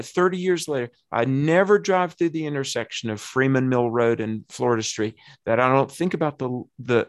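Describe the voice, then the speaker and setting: A pastor in his fifties gives an earnest, animated personal testimony in conversation. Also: medium pitch, dry recording.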